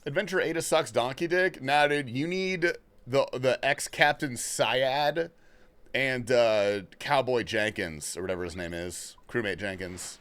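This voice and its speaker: A man's voice: medium pitch, measured pace, fairly bright tone. A young man chatting casually and profanely on a gaming livestream, answering his chat. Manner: laid-back, slangy and profane, reading and answering chat.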